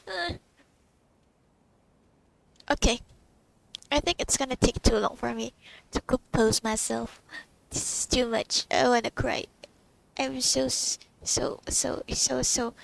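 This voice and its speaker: A woman's voice: fairly high pitch, measured pace, gravelly, long pauses, no echo, rough recording. A young woman, reacting to a game in a giddy, emotional way, stammering and laughing. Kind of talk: casual live reaction.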